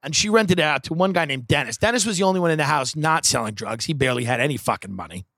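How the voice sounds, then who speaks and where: A man's voice: fairly high pitch, expressive, fast, creaky, a bit bright, dry recording, studio quality. A man doing stand-up, telling a rambling story in a wry, profane way with many asides. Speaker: comedian.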